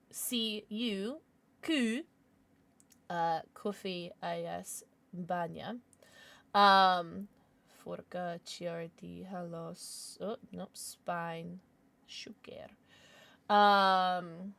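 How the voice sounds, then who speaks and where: A woman's voice: mid-range voice, gravelly, a bit bright, dry recording. Tired, chatty woman streamer. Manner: chatty and rambling, reading out viewers' names, laughing often. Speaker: livestreamer. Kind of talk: casual chat with viewers while gaming.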